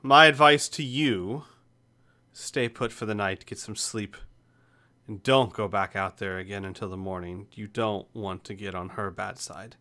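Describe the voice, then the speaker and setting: A man's voice: lowish voice, a little slow, bright, forceful tone. A man voicing a tired, scarred young woman guard who speaks bluntly and offhandedly in a tabletop game. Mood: weary.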